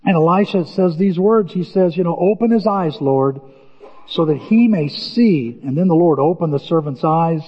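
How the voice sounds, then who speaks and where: A middle-aged male pastor with a high voice preaches a relaxed, conversational sermon. He tells stories in a folksy way and jumps into animated voices for the quotes. The sound is dull and lo-fi, with the long echo of a big hall. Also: normal speed, slightly rough.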